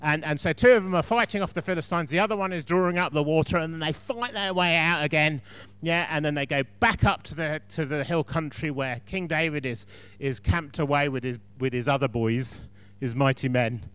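Chatty preacher with a smooth voice. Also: male voice, fairly high pitch, brisk, a bit bright. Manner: chatty storyteller, asides to congregation. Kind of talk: sermon.

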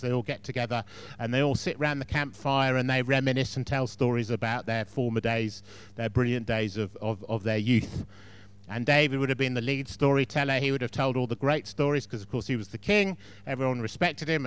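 A man's voice: medium pitch, moderate pace, smooth. A man preaching a sermon in a chatty storytelling way, with frequent asides to the congregation.

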